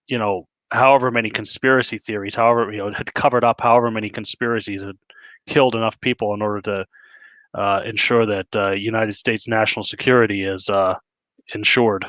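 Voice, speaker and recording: Podcast guest, man, lowish pitch, bright forceful tone, long plot-recounting turns. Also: fairly even intonation, fairly quick, dry recording. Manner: talks in long, plot-recounting stretches with fillers. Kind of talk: casual movie review chat.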